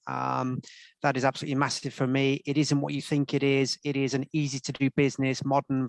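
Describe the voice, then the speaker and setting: A man with a gravelly voice gives emphatic remarks as a panelist, driving his points home by repeating key words. The sound is dry and close over a video call. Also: medium pitch, no echo, low-quality recording.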